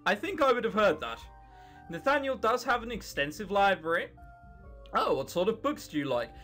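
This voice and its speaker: A woman voicing a dry, formal male scientist in a visual novel, speaking in a measured, formal way, with lively pitch. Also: soft background music.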